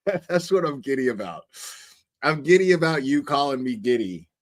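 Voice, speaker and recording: A man's voice: mid-range voice, expressive, normal speed, no echo. A man hosting a casual reaction commentary, profane and mocking, laughing often. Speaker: host.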